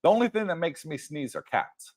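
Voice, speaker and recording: An older man co-hosts a home livestream, chatting casually, rambling with fillers and laughing often. His voice is a little high and darkish in tone, very animated and brisk.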